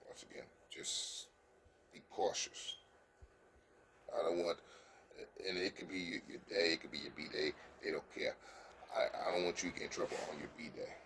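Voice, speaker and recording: A man's voice: deep voice, fairly even intonation, fairly bright tone, slight background noise. A man giving casual dating advice to the camera in an earnest, coaching way, often stumbling over words and checking "you understand?". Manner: halting, repeats words, keeps asking "you understand?".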